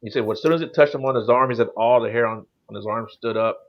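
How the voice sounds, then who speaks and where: Calling in to a show, a middle-aged man with a medium-pitched voice talks fast about his paranormal experiences, rambling casually and full of "you know" and "like." The recording is muffled.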